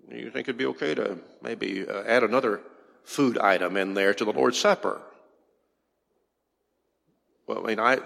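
A man's voice: medium pitch, moderate pace, vocal fry, a bit bright. A man preaching a sermon from a church pulpit, pressing his points with repeated rhetorical questions. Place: church sanctuary. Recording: long hall reverb.

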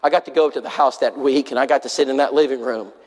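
Earnest preacher in a reverberant hall. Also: male voice, mid-range voice, fairly even intonation, fast talker. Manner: earnest, acts out quoted voices. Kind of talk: sermon storytelling.

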